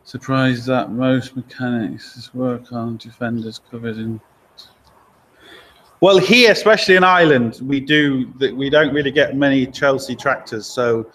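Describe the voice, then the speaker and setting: Guy, mechanic doing a chatty live q&a, laid back, laughs a lot, blunt about cars, middle pitch. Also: fairly even intonation, a little slow, a bit bright, slight background noise. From Lincoln, England. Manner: chatty and easygoing, laughs often, blunt opinions. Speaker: garage owner and mechanic. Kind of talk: casual live stream Q&A, reading viewer comments.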